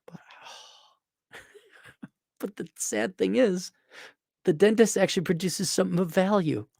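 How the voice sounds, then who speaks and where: Man, middle-aged, mocking and ranting, slightly high voice, very dry. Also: slow pace, creaky, long pauses, a little mellow, no room sound. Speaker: podcast host. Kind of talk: opinionated monologue.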